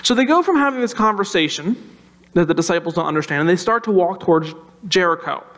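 A man with a high voice preaches a sermon. He talks conversationally and tells the story with animation. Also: expressive, quick pace, a bit bright. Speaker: pastor.

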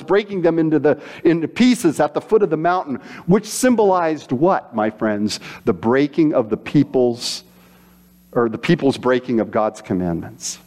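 A man preaching a sermon, telling stories with acted-out quotes and voices. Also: a little high. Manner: animated storytelling with voiced quotes. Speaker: pastor.

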